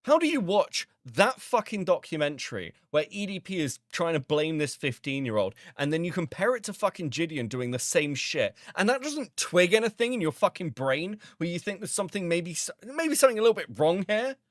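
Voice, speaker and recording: A man's voice: high-pitched, very animated, a little fast, few pauses, no echo, studio quality. A man hosting a drama channel stream, reacting to comments in a heated, profane rant.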